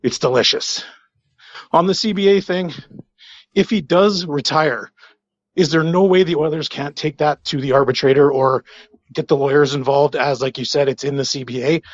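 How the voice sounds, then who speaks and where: A man's voice: fairly high pitch, normal speed, no echo. Earnest male caller, dull line. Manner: earnest, questioning. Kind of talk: voicemail question.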